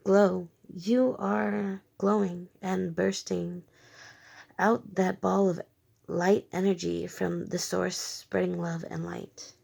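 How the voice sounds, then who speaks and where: Low raspy-ish woman doing a tarot reading, talks straight at you, curses a lot. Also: little pitch movement, slow, a little mellow. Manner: frank and emphatic, swears freely, addresses the viewer as you; speaks in short bursts, repeats phrases. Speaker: tarot reader. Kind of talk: casual spoken tarot reading.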